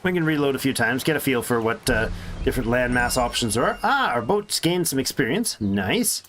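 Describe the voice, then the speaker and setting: Lively, chatty man streaming a game. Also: medium pitch, moderate pace, slight background noise. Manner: chatty, thinking aloud, joking to himself. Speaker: let's play streamer. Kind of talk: casual gameplay commentary.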